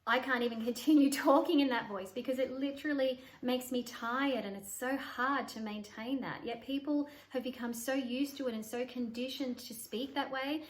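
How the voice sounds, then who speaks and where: A woman voice coach teaching to camera in an encouraging, explanatory tone, now and then demonstrating breathy, nasal or creaky voices. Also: a little high. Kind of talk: voice lesson to camera.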